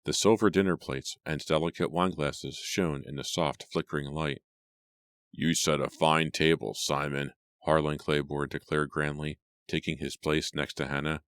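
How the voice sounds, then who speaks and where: A man narrating an audiobook in a steady, even storytelling manner. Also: extremely low pitch, moderate pace, few pauses, dry recording, studio quality. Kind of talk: scripted narration.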